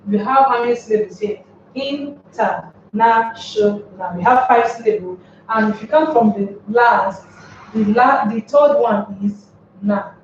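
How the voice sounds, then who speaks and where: Woman, English teacher, slow careful explanation, distant mic, dull muffled sound. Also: a little high, a little hiss or hum. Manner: explains step by step, repeats words slowly. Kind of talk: classroom lesson on word stress. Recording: very echoey room, far from mic, dull.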